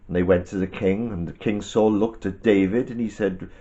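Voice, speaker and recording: A man with a lower voice tells a Bible story to a child, gentle and animated with chatty asides. The recording is dull and lo-fi. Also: normal speed, hardly any pauses.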